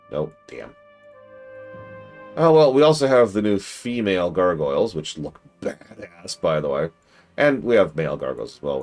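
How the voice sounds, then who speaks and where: A man streaming a game, rambling casually with self-corrections and excitable asides. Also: low-pitched. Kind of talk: casual gaming stream commentary. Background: game music.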